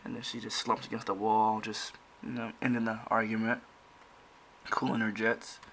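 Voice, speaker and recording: A man's voice: on the low side, completely flat delivery, moderate pace, vocal fry, fairly bright tone, slight background noise. A man casually walking through pages of his own comic, rambling with many restarts and fillers. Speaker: comic creator.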